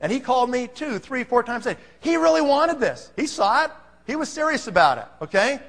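A man with a high voice tells a story to a seminar crowd. He talks emphatically and keeps checking in with the room. His voice rings with a long hall echo. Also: very animated, a little fast, a bit bright. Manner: emphatic, conversational, frequent "okay?" check-ins. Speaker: presenter at a business seminar. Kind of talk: storytelling presentation to a live audience.

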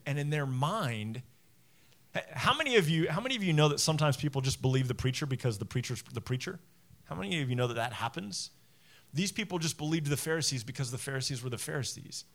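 A man preaching a sermon as pastor, talking in a conversational way, acting out quotes with lively swings and restarting his phrases. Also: fairly high pitch.

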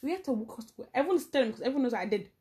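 A young woman telling a story about her schooldays in a casual, animated way, acting out the dialogue. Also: high voice, racing. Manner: animated, dramatic retelling with quoted dialogue. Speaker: vlogger.

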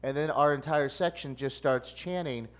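A man in his forties hosting a casual chat, telling stories with lively quoted shouts. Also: normal speed. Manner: animated storyteller, jumps high for quoted shouts. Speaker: podcast host.

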